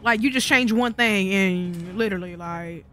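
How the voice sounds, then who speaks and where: A woman with a bright, forceful voice giving sassy, profane play-by-play as she streams a game. She quips back at the characters and chats to her viewers, with soft game music underneath. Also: medium pitch, moderate pace. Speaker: gaming streamer. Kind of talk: casual let's-play commentary.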